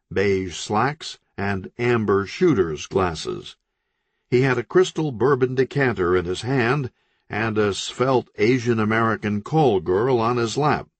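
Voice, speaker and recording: A man reading a crime novel aloud as an audiobook narrator, expressive and voicing each character. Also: fairly low pitch, no echo. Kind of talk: scripted narration.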